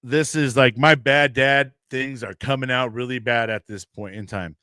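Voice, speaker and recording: A man's voice: mid-range voice, moderate pace, dry recording, studio quality. A young American man, a podcast host, rambling through a casual story and acting out what other people said. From United States. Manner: rambling, animated storyteller acting out quoted voices.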